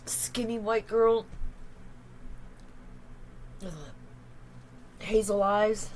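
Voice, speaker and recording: A woman's voice: mid-range voice, drawn-out words, pauses often, darkish tone, slight background noise, low-quality recording. A woman in her fifties, tearful, talking in a raw, emotional, confessional vlog and swearing freely. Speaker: spiritual channeler and vlogger.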